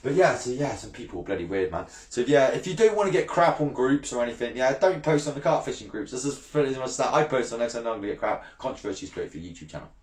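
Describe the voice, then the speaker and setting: A man in his thirties rants to camera in a casual vlog, blunt and brash, swearing freely and laughing often. His voice sits at a middling pitch, and the room adds a noticeable echo. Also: very animated, quick pace, few pauses. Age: 30s. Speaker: fishing channel vlogger.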